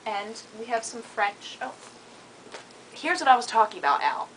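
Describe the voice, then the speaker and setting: A woman's voice: on the high side, normal speed, long pauses, a bit bright, a little hiss or hum, poor audio. A woman with a Mid-Atlantic American accent, chatting to camera in a giggly, self-deprecating way. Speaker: vlogger. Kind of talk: casual chat to camera.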